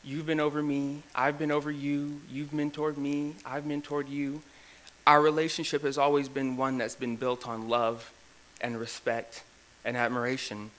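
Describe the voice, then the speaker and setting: A man's voice: mid-range voice, completely flat delivery, moderate pace, fairly bright tone. A young man, a student government president, giving an emotional, heartfelt speech at an awards ceremony, nervous and near tears, speaking in a repeating cadence. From United States. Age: young adult. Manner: heartfelt, repetitive cadence, laughs at own jokes. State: shaking with nerves, near tears. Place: university event room.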